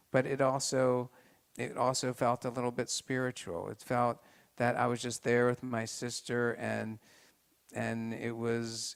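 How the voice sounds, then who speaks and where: Gravelly man giving a halting talk. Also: mid-range voice. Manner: halting, with many restarts and questions to the audience. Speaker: health talk presenter. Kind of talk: informal lecture to a group.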